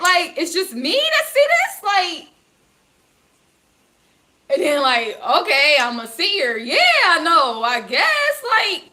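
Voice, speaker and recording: A woman, talking to her viewers in an animated, frustrated, laughing rant about spirituality. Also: very high voice. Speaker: vlogger. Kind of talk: casual spiritual rant to camera.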